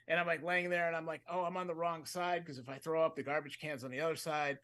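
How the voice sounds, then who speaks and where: A man's voice: a little high, quick pace, hardly any pauses, bright, forceful tone. A man on a comedy podcast telling a long story in a casual, rambling way, often breaking off and laughing mid-sentence. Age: adult, with a fiance. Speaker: podcast co-host.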